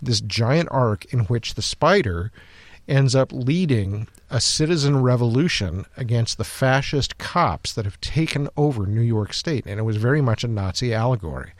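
A man's voice: medium pitch, animated, moderate pace, no room sound. Man chatting enthusiastically, dry sound. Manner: enthusiastic, fluent, with fillers. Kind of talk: casual chat.

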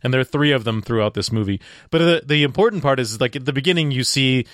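A male podcast co-host chats casually about a movie, laughing often, in an animated, medium-pitched voice that's a bit bright and quick. The recording is clean studio sound with no room sound.

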